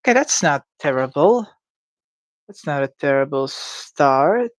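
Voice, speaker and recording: A man's voice: fairly high pitch, lively intonation, unhurried, dry recording. A man livestreaming himself drawing, rambling and thinking aloud with stammers, restarts and playful asides. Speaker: livestreamer drawing game creatures. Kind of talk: casual livestream self-talk. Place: indoors at home.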